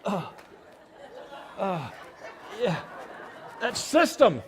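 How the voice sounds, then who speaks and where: A man preaching a sermon in church, repeating lines for emphasis and breaking into loud shouts. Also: sits high, wildly swooping pitch, extremely slow, a faint crowd. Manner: preaching with sudden shouted outbursts; repetitive, emphatic delivery. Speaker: pastor. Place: church sanctuary.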